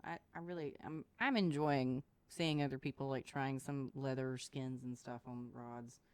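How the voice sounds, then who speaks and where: A woman's voice: a bass voice, fairly even intonation, moderate pace, darkish tone, clean tone, no echo. A woman, co-hosting a podcast in casual chat, rambling and laughing often. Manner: chatty, rambling storyteller who laughs often. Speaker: podcast co-host.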